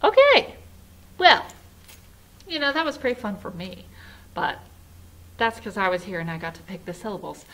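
A woman's voice: mid-range voice, very animated, normal speed, pauses often, a bit bright, a little hiss or hum. A woman music teacher giving a children's lesson online in a patient, sing-song teacherly way.

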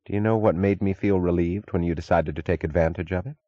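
A man's voice: low-pitched, fast, no room sound, lo-fi sound, lightly acted. A man reading a blunt, composed railroad executive woman. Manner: even, direct, businesslike.

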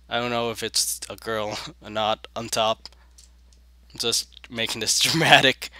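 A man giving excitable gaming commentary at a close desk mic, jumping between loud yelps and sneaky whispers. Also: medium pitch, a little slow, no room sound. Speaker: gaming video host.

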